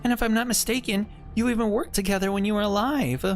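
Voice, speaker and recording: Guy doing a squeaky eager young girl voice, polite and earnest, soft music behind. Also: steady tone, fast, close to an everyday voice.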